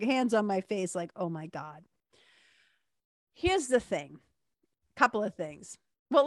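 A woman's voice: mid-range voice, dry recording, studio quality. A woman telling a story in a casual, candid way, swearing now and then and acting out what other people said. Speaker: vlogger.

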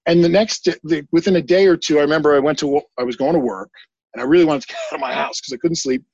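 Husky man telling a rambling tale. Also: on the high side, racing, no room sound, dull audio. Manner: rambling and animated, heavy on "like" and casual swearing. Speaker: guest psychic medium. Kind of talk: casual storytelling in a podcast interview.

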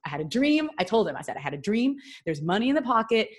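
A woman from New York, a podcast guest, telling a personal story in a chatty, animated way with lots of fillers and restarts. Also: medium pitch, quick pace, breathy edge. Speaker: podcast guest, business consultant. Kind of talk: casual storytelling.

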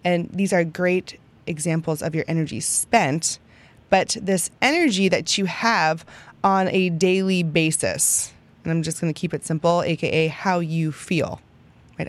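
A young adult woman hosts a podcast in a lowish, slightly slow voice. She teaches in a chatty, upbeat casual monologue, often ending lines with "right?"

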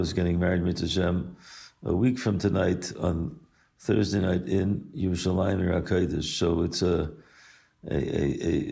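Gravelly deep-voiced older rabbi. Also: male voice, darkish tone. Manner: unhurried, weaves Hebrew and Yiddish terms into English. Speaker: rabbi and yeshiva teacher. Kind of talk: recorded personal message and story.

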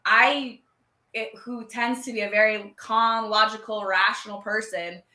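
A young adult woman hosting a conversation, chatty and animated, with plenty of fillers. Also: medium pitch, unhurried, echoey room. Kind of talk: podcast conversation.

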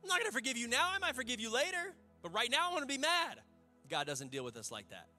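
A man's voice: very high voice, very animated, fast talker, sharp tone, soft background music. A male pastor, preaching a sermon to a church congregation in a fervent, conversational way with folksy asides.

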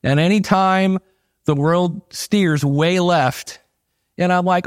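Midwestern man preaching, higher voice, dry sound. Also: fairly even intonation, slow, clear, resonant tone, no echo. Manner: casual, conversational preaching with asides. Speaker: pastor. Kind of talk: sermon.

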